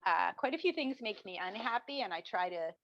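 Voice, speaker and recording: A woman's voice: medium pitch, fairly quick, no room sound. Woman prof guest chatting, acts out quotes, dry lo-fi mic. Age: middle-aged. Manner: animated storyteller, acts out quoted people. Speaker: marketing professor, podcast guest. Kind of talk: conversational interview answers. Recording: dull dry lo-fi sound.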